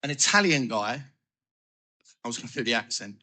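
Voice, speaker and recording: Man, recovery share, animated storyteller, sharp bright tone. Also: medium pitch, moderate pace. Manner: animated storytelling, acting out his own thoughts. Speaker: recovery speaker. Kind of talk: personal recovery testimony.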